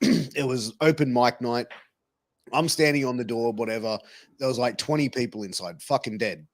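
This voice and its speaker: A man's voice: medium pitch, moderate pace. A man hosting a casual interview, swearing freely and calling his guest bro. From Australia. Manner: matey, swears casually, says bro and dude. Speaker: podcast host.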